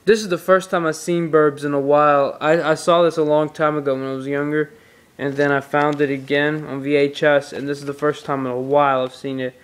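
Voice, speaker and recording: A man's voice: a little high, flat delivery, brisk, clean tone. A man casually reviewing a movie on tape, retelling the plot in a rambling way with restarts.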